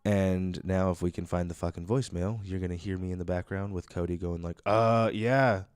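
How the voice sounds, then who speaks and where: A man's voice: low-pitched, little pitch movement, warm tone, clean tone, no echo, studio quality. A man co-hosting a podcast in a laid-back, casual chat, swearing easily and drawing out his words. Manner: laid-back, profane, slow and drawn-out.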